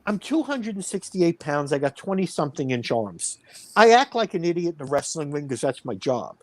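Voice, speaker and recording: A man's voice: on the high side, very animated, normal speed. A man in his fifties, a wrestling promoter, telling a heated story in a blunt, boastful way. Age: 50s. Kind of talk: casual storytelling.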